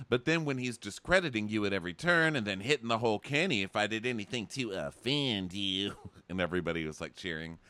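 A sarcastic man co-hosting a casual podcast, recapping with mocking put-on quotes. His voice is bright and lively in pitch, slightly low, and the sound is dry and close. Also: quick pace, no echo. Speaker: podcast co-host. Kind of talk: casual chat recapping a TV show.

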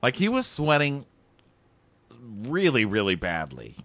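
Sarcastic man with a lively voice. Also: a little slow, no room sound. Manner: sarcastic, mocks with high squeaky impressions. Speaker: podcast co-host. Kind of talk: comedic recap chat.

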